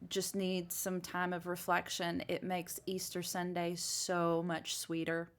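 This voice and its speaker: A woman in casual podcast talk, her voice sitting a little low. She rambles warmly through stories and slows into quiet reflection, with plenty of fillers and restarts. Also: monotone. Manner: chatty, earnest, drifts into reflective church talk. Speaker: podcast co-host. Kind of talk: casual chat.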